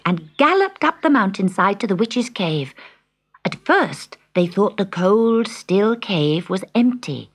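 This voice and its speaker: Slow, expressive woman storyteller. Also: medium pitch, husky. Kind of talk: storybook narration. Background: music.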